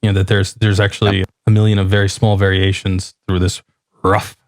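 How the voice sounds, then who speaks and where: A man's voice: low voice, completely flat delivery, brisk, no echo, studio quality. A man co-hosting a podcast, reasoning aloud in a thoughtful, casual way. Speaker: podcast co-host. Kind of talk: casual chat.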